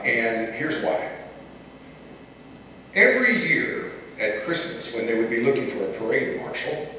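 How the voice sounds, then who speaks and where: A man's voice: medium pitch, a bit bright, slight background noise. An older man from the United States speaks to an audience at an alumni reunion, telling folksy anecdotes and addressing the listeners directly. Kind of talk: storytelling speech to an audience. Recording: echoey hall, distant mic, faint ambience.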